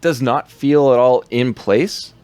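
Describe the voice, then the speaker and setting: A man's voice: mid-range voice, takes it slowly, darkish tone, clear, resonant tone, no room sound. A man co-hosting a podcast, rambling through a film recap in casual chat, laughing often.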